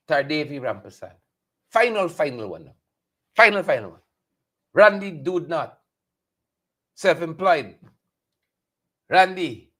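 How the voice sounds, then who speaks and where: A Guyanese man delivers satirical commentary in a high voice that leaps up and down as he talks. He hammers his points by repeating them and mimicking others. The delivery is animated and mocking. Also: takes it slowly, long pauses. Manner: animated, repeats lines for emphasis, mocks with mimicry. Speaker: host.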